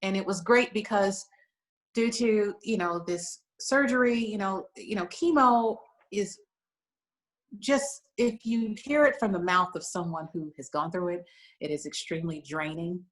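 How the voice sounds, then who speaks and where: An American woman appears as a talk show guest, a lingerie shop owner telling an emotional story in an earnest, conversational manner with frequent "you know" fillers. Her voice is mid-range and measured in pace, and the recording quality is low.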